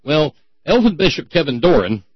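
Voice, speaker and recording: Husky sarcastic male comedy host. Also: on the high side, very animated, moderate pace, no echo, muffled recording. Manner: sarcastic, mocking, stumbling restarts. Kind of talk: satirical comedy monologue.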